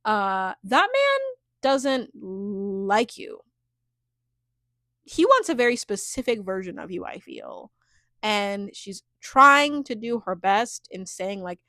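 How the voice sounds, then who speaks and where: A woman's voice: mid-range voice, big pitch swings, takes it slowly, pushed and bright, no room sound, clean studio sound. A young woman vlogging a casual recap of a reality show, chatty and full of filler words. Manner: chatty, heavy filler words, frequent laughs. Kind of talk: casual reaction chat.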